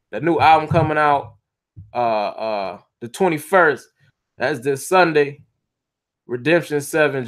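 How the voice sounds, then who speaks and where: A man talking straight to his camera in a loose, rambling way, full of slang, false starts and asides to the viewers. His voice sits at an ordinary middle pitch. It sounds like a casual home video. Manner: rambling, chatty, with restarts and slang. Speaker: vlogger.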